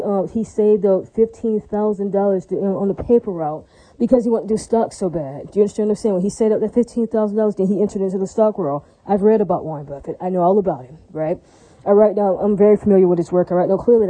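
Speaking quickly in a poorly recorded solo monologue, this woman wanders from point to point in a mid-range, very dark and mellow voice. Religious interjections come often, she says things more than once, and she keeps making sure her audience is with her.

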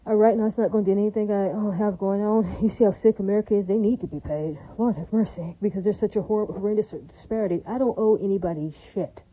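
A woman's voice: mid-range voice, fast talker, few pauses, mellow, rough recording. A woman vlogging in a casual, rambling monologue, blunt and crude, with many fillers, who keeps asking her listeners "right?". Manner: chatty, keeps asking "right?" and "does that make sense?".

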